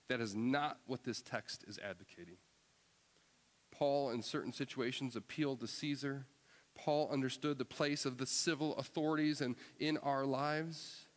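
Guy preaching a sermon, earnest, repeats himself, long hall echo, mid pitch. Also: normal speed. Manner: earnest, repeats words, acts out quoted voices. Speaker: pastor.

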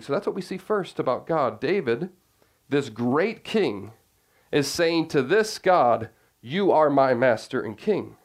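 Male pastor, fairly high voice, earnest sermon delivery, repeats and restarts words. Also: big pitch swings, measured pace. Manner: earnest, repeats and restarts phrases, questions the congregation.

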